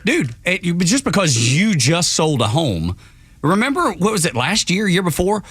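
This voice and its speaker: A man co-hosting a morning radio show, talking in an excitable, emphatic way. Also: high voice, normal speed, breathy edge, no echo. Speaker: radio co-host. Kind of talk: casual radio talk-show chat.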